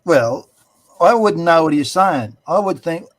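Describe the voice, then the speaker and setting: A man's voice: on the high side, expressive, a little slow, no room sound. A man with an Australian accent in a casual panel chat, spinning laid-back yarns with easy laughs. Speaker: panel guest.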